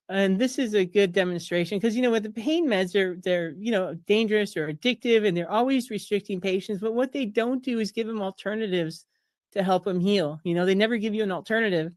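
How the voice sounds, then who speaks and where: A woman's voice: darkish tone, no echo, studio quality. Chatty, sarcastic woman pharmacist in her fifties. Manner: chatty, sarcastic, acts out quoted voices in a higher pitch. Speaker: pharmacist and author giving a slide talk. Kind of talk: casual presentation over slides at a streamed fundraiser.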